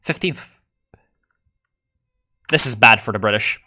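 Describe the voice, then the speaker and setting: A man giving casual commentary while playing a strategy game, excitable and profane, full of ironic meme slang. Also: lowish voice, slow pace.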